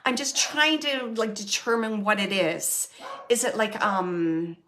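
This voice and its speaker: A woman hosting a live mediumship reading, who speaks tentatively with many fillers and restarts and often sinks to a soft murmur. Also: medium pitch, expressive, unhurried. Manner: often drops to a soft, near-whispered murmur. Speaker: psychic medium host.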